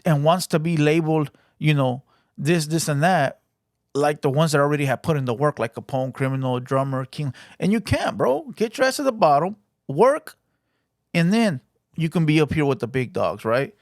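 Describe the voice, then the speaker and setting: A young man with a Mexican-American accent gives casual, profane reaction commentary, checking in with "right?" and "bro". His voice sits a bit high, and the recording is dry and close with no room sound. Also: no room sound. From United States. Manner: blunt, profane, talks with many "right?" and "bro". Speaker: reaction channel host.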